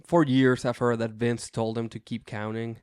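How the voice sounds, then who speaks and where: A man's voice: medium pitch, flat delivery, normal speed, a little mellow, clear, resonant tone, no echo. A man co-hosting a casual wrestling podcast, laid-back, swearing freely and laughing often. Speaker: podcast co-host.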